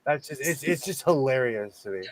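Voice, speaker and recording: A man in a casual group chat, joking and quick to laugh. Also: mid-range voice, animated.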